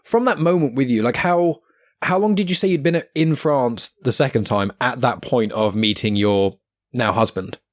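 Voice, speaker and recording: A man's voice: mid-range voice, normal speed, dry recording, clean studio sound. A man with a Southern English accent, hosting a podcast interview in a rambling, friendly way. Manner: rambling, many restarts and fillers, friendly. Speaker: podcast host. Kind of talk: casual interview chat.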